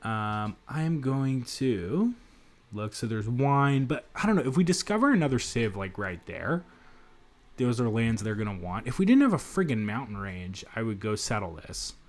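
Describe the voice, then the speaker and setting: Lively-voiced man thinking aloud over a game. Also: mid-range voice, normal speed. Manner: thinks aloud, rambling, many fillers and restarts. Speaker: gamer. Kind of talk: let's play commentary. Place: apartment in a city.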